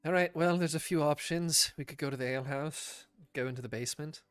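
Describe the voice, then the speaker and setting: A man playing a steady, dutiful king who speaks in a calm, reassuring way. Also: a little high, a little fast, smooth, faint music behind, natural voice.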